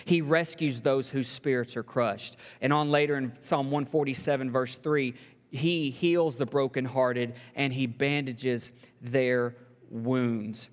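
A man preaching a sermon to a congregation, building to emphatic peaks and dropping to soft, hushed lines, with joking asides. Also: medium pitch, steady tone, slow pace. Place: church sanctuary. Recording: long hall reverb.

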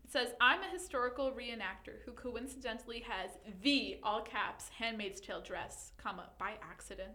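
A young woman co-hosting a podcast in casual chat, animated and giggly, often reading posts aloud. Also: a little high, normal speed, few pauses, echoey room. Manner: giggly, animated, breaks into loud laughter. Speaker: podcast co-host.

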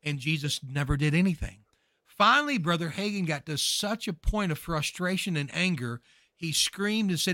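A man speaking as a guest minister, preaching with fervor and building to emphatic shouts. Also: on the high side, lively intonation, normal speed, no room sound, clean studio sound. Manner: emphatic, rises to shouting peaks. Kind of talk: fervent preaching talk.

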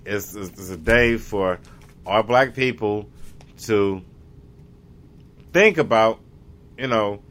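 This American vlogger takes it slowly, leaving long pauses as he rambles casually. He keeps restarting while hunting for the right word. His voice is fairly low and a bit bright.

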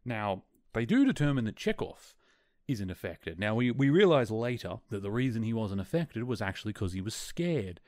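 A man's voice: lowish voice, very animated, normal speed, a little mellow, dry recording, clean studio sound. A man hosting a podcast, casually retelling a TV episode and slipping into quoted lines from the characters. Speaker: podcast host.

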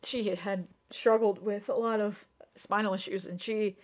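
A woman's voice: mid-range voice, steady tone, moderate pace. Candid young woman telling her story. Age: young adult. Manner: candid and emotional, frequent swearing and restarts. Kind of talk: personal storytelling to listeners.

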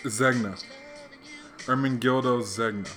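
A man co-hosting a casual podcast chat, slangy and animated, often acting out quotes in lively voices. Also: medium pitch, slow pace, soft background music. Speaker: podcast co-host.

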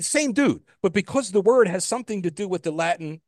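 A man co-hosting a podcast, rambling and animated, swearing freely as he rants. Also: high-pitched, fairly quick, few pauses, dry recording, clean studio sound. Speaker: podcast co-host. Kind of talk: casual podcast rant.

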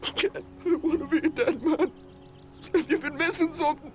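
An actor playing a volatile, guilt-ridden young hitman in a film scene, with a gravelly voice. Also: very high-pitched, steady tone, normal speed, music in the background. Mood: anguished. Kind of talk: film acting.

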